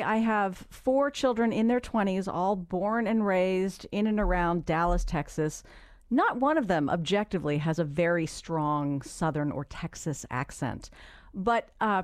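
Low-voiced woman radio host. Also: no echo, clean studio sound. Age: middle-aged. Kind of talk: public radio interview.

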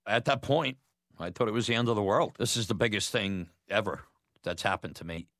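A man's voice: on the low side, a little fast, a bit bright, no echo, clean studio sound. A man telling a personal story about his youth, candid and conversational, chuckling now and then. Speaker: storyteller, former batboy.

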